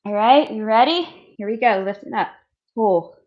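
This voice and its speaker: A woman's voice: a little high, moderate pace, dull audio. A woman fitness instructor coaching a follow-along core workout, counting reps, encouraging and a little out of breath. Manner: encouraging, counts reps aloud, demonstrates while talking.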